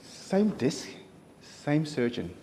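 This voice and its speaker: A man's voice: fairly high pitch, big pitch swings, very slow, noisy background. A man giving a humorous stage speech at a contest, punchy and self-mocking with tight comic timing. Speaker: contest speaker. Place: stage in a conference hall. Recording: echoey hall.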